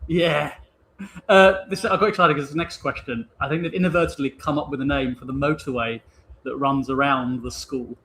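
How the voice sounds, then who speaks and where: A man's voice: medium pitch, fairly even intonation, moderate pace, fairly bright tone, a little hiss or hum. A man co-hosting a livestream, reading out fan questions in a playful, joking way. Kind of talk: casual livestream chat.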